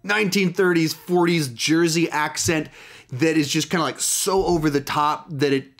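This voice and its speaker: A man's voice: a little high, steady tone, normal speed, a bit bright. A man giving a casual, chatty film review, talking loosely with frequent restarts and asides. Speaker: movie reviewer.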